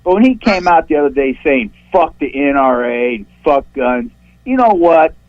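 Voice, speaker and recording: A man from St. Louis calling into a show with a profane, angry rant, his voice jumping shrill when he gets worked up. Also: expressive, normal speed. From St. Louis, USA. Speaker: caller. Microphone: phone line. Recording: dull phone-line call audio.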